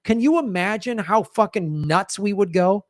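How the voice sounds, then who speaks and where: A man's voice: high-pitched, animated, moderate pace, dry recording, studio quality. A man hosting a political commentary show, talking emphatically, with many restarts as he reacts to clips. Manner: emphatic, rambling, talks over clips with restarts.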